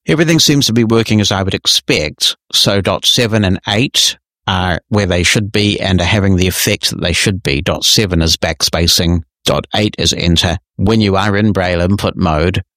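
A man's voice: low voice, moderate pace, fairly bright tone, no echo, studio quality. A man hosting a technology podcast, answering listener emails in a conversational, explanatory and lightly wry way. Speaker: podcast host.

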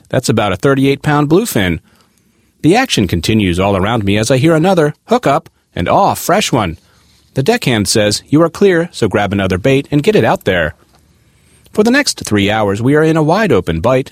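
A man reads a magazine article aloud, his pitch rising and falling with plenty of movement. His delivery is expressive and lively. The sound is dry and close, with no room around it. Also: no room sound. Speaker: article reader.

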